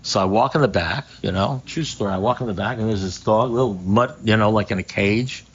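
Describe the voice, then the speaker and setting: A man's voice: fairly low pitch, brisk, husky. A man speaking at a recovery meeting who tells a joke story in a casual, profane way, with many restarts, on a slightly muffled recording.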